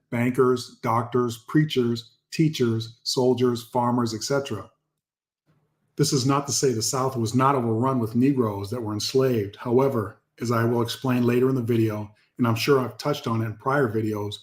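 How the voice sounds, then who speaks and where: A man hosting a history channel, reading old articles aloud and stopping to stress and repeat key words for his viewers. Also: mid-range voice.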